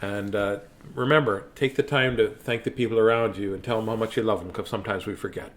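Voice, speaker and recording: A man hosting a bedtime story video, hoarse, talking in a playful, silly way with pirate growls. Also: fairly low pitch, steady tone, fast. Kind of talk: casual bedtime sign-off to viewers.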